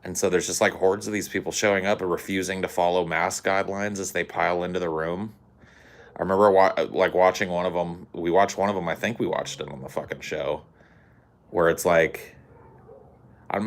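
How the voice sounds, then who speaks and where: A man on a podcast ranting angrily and sarcastically, swearing constantly and getting louder and more heated. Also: low voice, fairly even intonation, brisk. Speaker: podcast co-host. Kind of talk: profane podcast rant.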